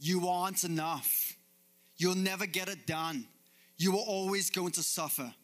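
A man acting out a loud, accusing male devil who yells from far off. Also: high-pitched, measured pace, voice pushed up. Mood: yelling.

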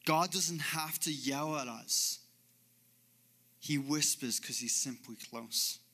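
Male pastor mid-sermon, bright forceful voice, earnest rhythmic delivery from a church stage. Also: on the high side, takes it slowly. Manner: earnest, repetitive preaching cadence.

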